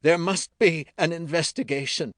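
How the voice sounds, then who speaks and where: A man's voice: a little high, normal speed, a bit bright, dry recording, studio quality, voice pushed up. An actor voicing a frightened older male scientist who speaks in a trembling, childlike voice. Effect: faint from inside a building.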